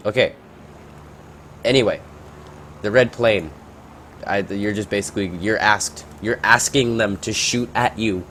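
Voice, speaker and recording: Lowish-voiced man rambling over gameplay. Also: unhurried, long pauses, a bit bright, a little hiss or hum. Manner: rambling, reactive, swears at surprises. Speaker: gameplay commentator. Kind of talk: casual gameplay commentary.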